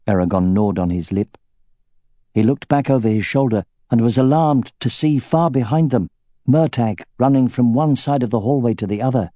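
A man narrates a fantasy novel in steady, even scripted narration. His voice is mellow and warm, recorded dry and close with no room sound. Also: fairly low pitch, moderate pace, no room sound. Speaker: audiobook narrator.

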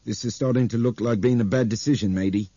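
A man's voice: mid-range voice, steady tone, fast, mellow, husky, dry recording, dull audio, pitched above the performer's own voice, natural voice. A man voicing an insistent passenger who presses the pilot with questions. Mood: probing. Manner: probing, insistent.

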